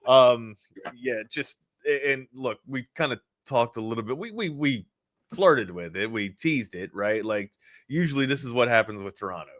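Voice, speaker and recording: A man's voice: mid-range voice, animated, normal speed, a bit bright, no echo. Chatty male sports co-host, dry sound. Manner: loose and conversational, with frequent filler words. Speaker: sports talk show co-host. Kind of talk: casual sports chat on a live stream.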